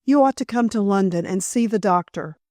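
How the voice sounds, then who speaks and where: A woman's voice: mid-range voice, a little fast, warm tone, dry recording, studio quality, close to an everyday voice. Woman reading an anxious, tearful young lady. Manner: anxious, pleading.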